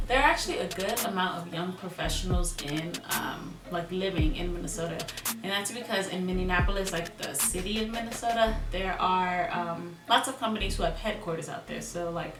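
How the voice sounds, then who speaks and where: A woman's voice: lowish voice, moderate pace, distant mic. Playful young woman vlogging in a roomy space. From Miami, United States. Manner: playful and jokey, repeats words for emphasis. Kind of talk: casual vlog talk to camera. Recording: roomy echo, a bit off mic, music behind.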